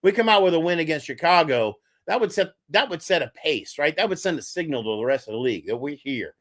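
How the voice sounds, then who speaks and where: A man hosting a casual live-streamed sports talk show, animated and scattered, laughing while he juggles links and texts. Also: a little high, quick pace. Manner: animated, laughing, talks to chat and co-hosts. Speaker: podcast host.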